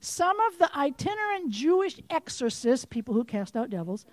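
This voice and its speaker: High-pitched woman preaching hard, keeps asking the crowd questions, bursts out loud, dry close sound. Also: sing-song, normal speed, dry recording. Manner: impassioned, rising to forceful outbursts; direct, questioning the listeners. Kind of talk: sermon.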